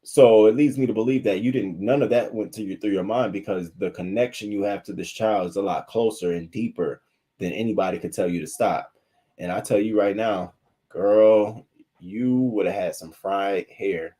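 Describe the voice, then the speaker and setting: A man hosting a casual livestream news commentary, animated and profane, talking to his viewers between stories. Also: on the low side, moderate pace, husky.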